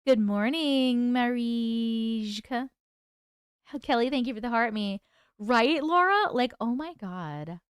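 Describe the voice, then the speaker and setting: A chatty woman hosts a livestream, greeting her viewers one by one and reading their comments back to them. Her voice sits high and swings widely in pitch, smooth and clear, with a dry close sound. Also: expressive, slow, no echo. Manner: laughs often. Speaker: livestream host. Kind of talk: casual livestream chat.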